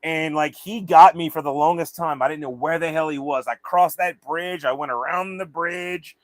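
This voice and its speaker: A man's voice: a little high, steady tone, moderate pace, no echo. A man hosting a livestream in casual chat, rambling and swearing freely. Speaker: livestream host.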